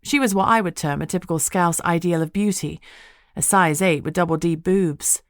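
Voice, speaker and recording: A woman narrating a first-person audiobook in a wry, even storytelling way. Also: fairly low pitch, moderate pace, no room sound, studio quality.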